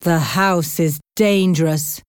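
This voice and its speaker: A woman voicing a serious, blunt male builder in an audiobook, delivering slow, grave warnings. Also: low-pitched, clear, resonant tone, dry recording, clean studio sound. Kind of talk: audiobook character voice.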